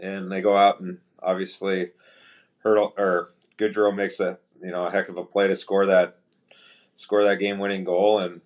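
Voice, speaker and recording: A man with a fairly low voice tells a story in a relaxed, conversational way. He slips into the voices of teammates and trainers as he recounts their lines. He restarts sentences often and leans on fillers as he recalls events. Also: moderate pace. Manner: relaxed anecdotal, quotes teammates in dialogue. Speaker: podcast guest, pro hockey player. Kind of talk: casual storytelling.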